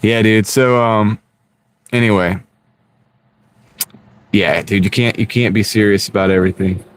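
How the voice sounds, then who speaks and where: His voice is on the low side, steady in tone and measured in pace. He's a livestream host chatting casually with viewers from his car through a wireless clip-on mic, rambling on, joking and regularly breaking into laughter.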